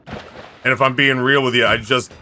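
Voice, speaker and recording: A man's voice: mid-range voice, steady tone, pushed and bright, slight background noise. A man streaming live, telling stories in a rambling, candid way. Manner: rambling, candid storytelling with quick impressions. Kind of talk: casual chat.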